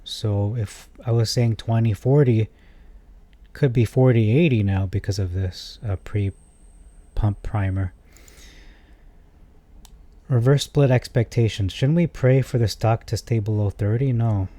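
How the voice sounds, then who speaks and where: Low mellow-voiced man talking stocks. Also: unhurried, long pauses, dry recording. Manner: animated, exasperated asides, thinks aloud with fillers. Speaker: stock market video host. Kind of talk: casual commentary reading chat.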